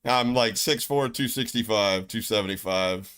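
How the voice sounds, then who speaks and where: A man's voice: lowish voice, moderate pace, fairly bright tone, clean tone. Middle-aged Southern American man, blunt and profane, streamer ranting to his chat. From United States. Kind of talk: casual livestream rant.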